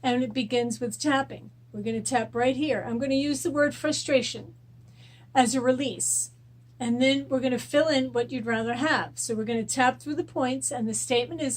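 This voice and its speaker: A woman's voice: high voice, moderate pace. A woman hosting a weekly self-help show, guiding listeners through a tapping exercise with repeated affirmations. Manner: repetitive affirmations, gentle coaching. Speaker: host and rapid eye technician.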